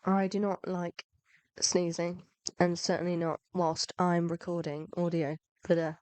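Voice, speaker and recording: A woman's voice: fairly low pitch, flat delivery, unhurried, darkish tone, clear, resonant tone, no room sound. A woman, feeling unwell with a cold, giving casual, rambling, self-mocking commentary over gameplay. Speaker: gaming video narrator.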